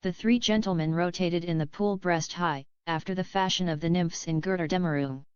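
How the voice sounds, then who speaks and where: A woman reading a classic novel aloud as scripted narration, in a measured way. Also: lowish voice, clear, resonant tone, dry recording, highs cut off. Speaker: audiobook reader.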